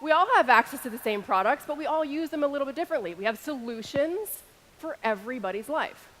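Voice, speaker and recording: This arena keynote comes from a woman in her thirties whose voice sits fairly high and sounds animated. Through the stage microphone she swings between loud calls to the crowd and a slow, intimate style.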